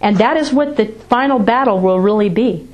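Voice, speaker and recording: A woman's voice: mid-range voice, moderate pace, darkish tone. A woman preaching a sermon, reading scripture aloud and driving her points home with rising and falling emphasis.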